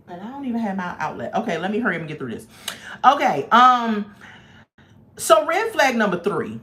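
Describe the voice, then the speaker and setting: A woman's voice: mid-range voice, normal speed, a little hiss or hum. A woman speaking straight to her viewers in a loose, casual recap. She is blunt and emphatic, leans on slang, and tells the story with plenty of animation. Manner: animated storytelling, acts out people's voices. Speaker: YouTube reality-show reviewer. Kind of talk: casual chat.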